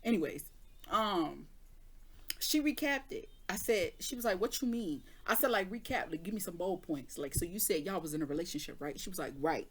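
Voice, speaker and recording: A woman's voice: on the low side, expressive, brisk. A woman reading tarot cards, then telling a story in casual, slangy speech. She laughs often and acts out both sides of the conversation. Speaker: tarot reader.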